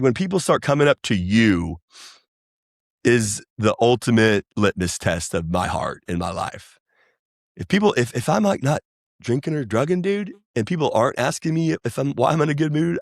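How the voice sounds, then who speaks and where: A man, chatting casually as a podcast guest, rambling and animated. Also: medium pitch, moderate pace, vocal fry, no echo, studio quality. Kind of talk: casual chat.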